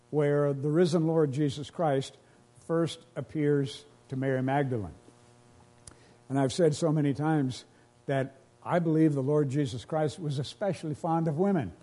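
A man's voice: a little high, warm tone. A pastor preaching a sermon to his congregation, earnest and emotional, repeating phrases as he builds each point.

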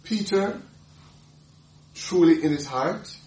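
A man preaching a sermon, emphatic and animated, often laughing and repeating words as he explains a passage. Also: on the high side, takes it slowly, roomy sound, far from the mic, poor audio. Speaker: pastor.

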